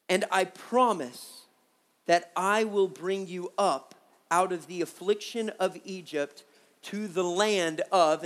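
A camp preacher mid sermon, chatty and playful, slows way down on the big words. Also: mid-range voice. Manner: animated, joking asides, talks to crew and audience; slows down to stress key words. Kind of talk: sermon with slides.

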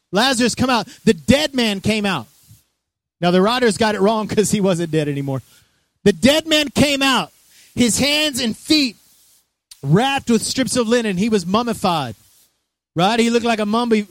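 A pastor preaching a sermon with energy, joking asides and direct questions to the congregation. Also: male voice, sits high, animated, moderate pace, no echo.

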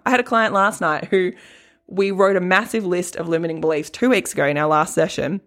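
A woman coach talking through a casual podcast monologue, chatty and quick to laugh, with plenty of "like" fillers. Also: mid-range voice, a bit bright.

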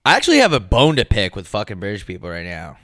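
Brief: lively twenties podcast co-host, bright forceful voice, dry close sound. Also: male voice, fairly low pitch, fast, no room sound. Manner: animated storyteller, swears a lot. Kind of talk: casual comedic chat.

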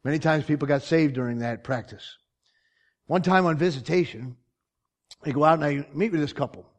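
High voiced guy preaching, storytelling, goes quiet then loud, lots of little chuckles. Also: normal speed. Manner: storytelling with dramatic swings in loudness, from quiet asides to shouted punchlines; chuckles often. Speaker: pastor. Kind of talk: sermon.

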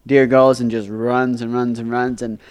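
A man's voice: medium pitch, little pitch movement, moderate pace, smooth. Easygoing man telling a hunting story. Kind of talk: casual chat.

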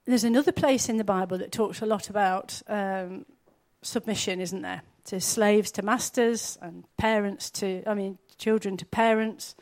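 A woman's voice: mid-range voice, fairly even intonation, normal speed, few pauses, a little mellow. A woman, preaching a sermon in an earnest, conversational way, often asking her listeners questions.

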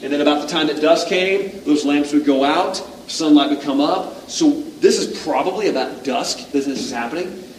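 Chatty preacher, echoey hall. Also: male voice, a little high, moderate pace, a little mellow, a little hiss or hum. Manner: conversational, self-deprecating, asks the audience questions. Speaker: pastor. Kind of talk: sermon. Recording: echoey room, distant mic.

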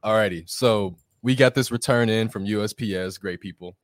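A man co-hosting a casual live-stream chat, expressive and quick to laugh. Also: lowish voice, no room sound. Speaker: co-host.

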